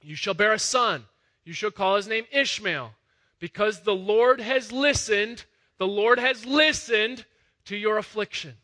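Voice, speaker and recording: A man preaching a conversational sermon, rising to loud emphatic peaks as he retells a story. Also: high-pitched, measured pace. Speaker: pastor.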